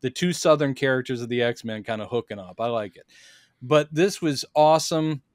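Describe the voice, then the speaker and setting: A man co-hosting a podcast in casual chat, animated and quick to act out quotes in put-on voices. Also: mid-range voice, no room sound, studio quality. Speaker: podcast co-host.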